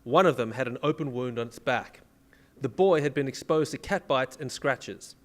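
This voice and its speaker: A man with an ordinary middle-pitched voice co-hosts a comedy podcast. He trades crude jokes in loose banter and reads a news story aloud. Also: normal speed. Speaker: podcast co-host.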